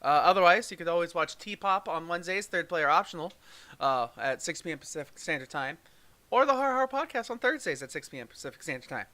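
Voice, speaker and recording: A man's voice: fairly high pitch, expressive, brisk, sharp tone. A man co-hosting a casual live-streamed review show, chatting loosely and laughing between lines. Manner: chatty, laughs often, rambling sign-off. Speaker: podcast co-host. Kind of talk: casual chat.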